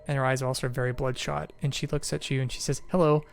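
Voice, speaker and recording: A man's voice: mid-range voice, level tone, fast talker, gravelly, faint music behind. A man describing scenes as the game master of a tabletop role-playing game.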